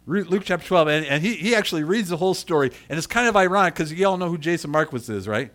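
A man's voice: a little high, lively intonation, fast, fairly bright tone. A middle-aged man preaching a sermon in a conversational way and calling on people in the congregation by name. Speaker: pastor.

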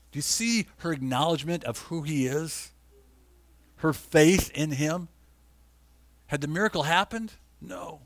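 Impassioned preacher, bright dry voice. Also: male voice, fairly high pitch, dry recording. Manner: emotional, impassioned preaching that swings from tearful and hushed to loud and urgent; reads scripture aloud with asides to the congregation. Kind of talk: sermon.

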